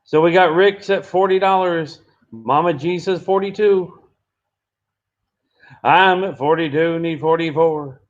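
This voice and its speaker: A man running a live online charity auction, calling and repeating bids briskly. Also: on the high side. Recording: dull lo-fi stream audio.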